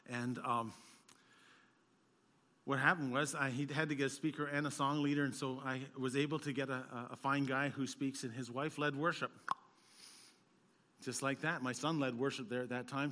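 Bright-voiced pastor preaching in a hall. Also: male voice, medium pitch. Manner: storytelling, rising to loud emphatic peaks. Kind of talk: sermon.

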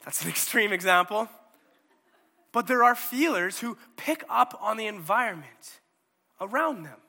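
Male preacher, fairly high bright voice, casual animated sermon, hall reverb. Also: measured pace. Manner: conversational, animated, checks in with "okay?" and "right?".

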